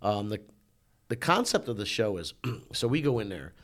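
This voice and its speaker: A man in his thirties, a guest in a casual chat, talking in a relaxed, rambling way. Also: on the low side, moderate pace. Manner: relaxed, rambling, with fillers and laughs.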